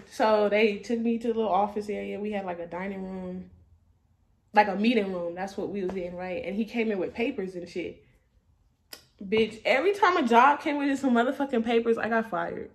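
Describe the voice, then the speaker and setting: A woman's voice: medium pitch, expressive, unhurried, pauses often. A woman in her twenties, a vlogger, telling a casual story in blunt, profane slang and laughing as she goes.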